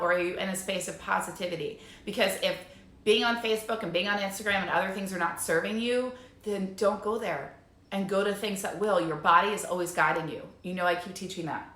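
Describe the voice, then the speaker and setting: A woman's voice: medium pitch, a bit bright. A woman talking in a casual live stream as a life coach, bubbly and chatty with lots of fillers. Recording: echoey room.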